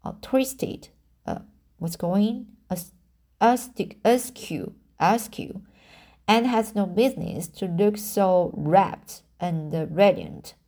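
A woman's voice: mid-range voice, lively intonation, slow, mellow. A woman reading a novel aloud, often stumbling over words and restarting lines. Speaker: audiobook reader. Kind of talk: amateur audiobook narration.

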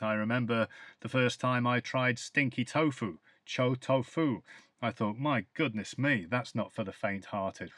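A man's voice: medium pitch, pushed and bright, no echo. A man with a British accent, teaching English phrases in a podcast lesson and explaining each one with example sentences.

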